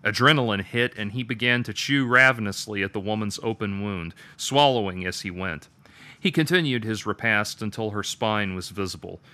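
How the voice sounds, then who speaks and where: A man reading his own dark story aloud with a measured, detached delivery. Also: on the low side, no room sound. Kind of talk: dramatic story narration.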